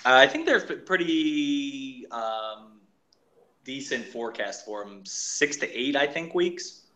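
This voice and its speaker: Low-key male podcast co-host. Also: very animated, slow pace, bright, forceful tone. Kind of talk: casual sports chat.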